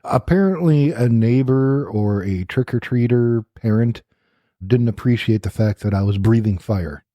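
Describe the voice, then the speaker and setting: In a dry studio recording, a man co-hosts a casual podcast with a warm, medium-pitched voice and a slightly slow pace. He jokes around in the banter and reads trivia aloud in playful voices.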